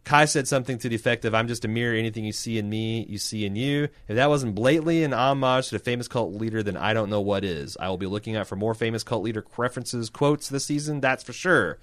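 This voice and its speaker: A man's voice: mid-range voice, fast talker, hardly any pauses, fairly bright tone, no echo. A man co-hosting a podcast, reading listener emails aloud in casual, joking banter and tripping over names.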